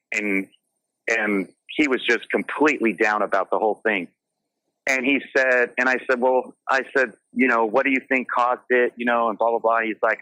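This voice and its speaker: A man speaks with a bright, forceful tone. He tells his stories earnestly and passionately. The recording is dry and close to the mic. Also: mid-range voice, steady tone, moderate pace, dry recording, poor audio. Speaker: guest, realtor. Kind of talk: casual interview talk.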